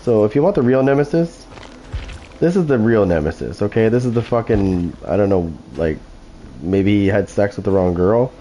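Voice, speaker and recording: A man's voice: lowish voice, expressive, normal speed, dark tone, slight background noise, rough recording. A man hosting gameplay commentary, taunting opponents with constant profane trash talk. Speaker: gaming channel host.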